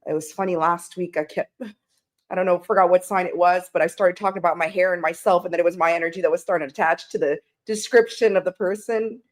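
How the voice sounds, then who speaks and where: A woman's voice: fairly low pitch, fairly even intonation, fast. A woman hosting a casual live-stream tarot reading, chatting and greeting viewers with pet names. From Canada.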